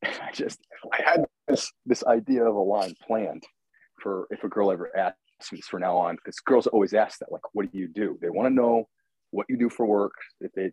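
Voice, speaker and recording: A man's voice: low voice, darkish tone, breathy edge, dry recording, highs cut off. A man telling a crude, rambling story in casual chat, often laughing as he talks.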